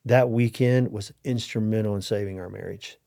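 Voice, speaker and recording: A man's voice: on the low side, steady tone, normal speed, vocal fry, dark tone. A middle-aged man telling a personal story as an interview guest, earnest and heartfelt, often restarting his sentences.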